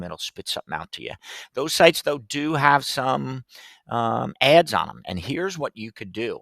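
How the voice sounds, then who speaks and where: A man's voice: lowish voice, creaky, bright, forceful tone, dry recording. A man hosting a teaching podcast, walking through a screen demo step by step in a chatty, loose way with plenty of fillers. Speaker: podcast host teaching classroom tech. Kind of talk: casual screen-share walkthrough.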